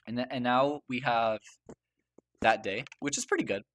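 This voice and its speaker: Gushing, stammering young man, bright voice. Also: mid-range voice, normal speed, a little hiss or hum. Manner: gushing, stammering, many fillers and restarts. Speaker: video host ranking a game soundtrack. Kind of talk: casual enthusiastic commentary.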